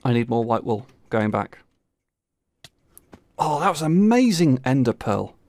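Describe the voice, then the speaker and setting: A man's voice: medium pitch, very animated, a little slow, darkish tone, no echo. A young man co-hosting a gaming video, talking through his build with dry, wry remarks. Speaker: gaming channel co-host. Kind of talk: casual gameplay chat.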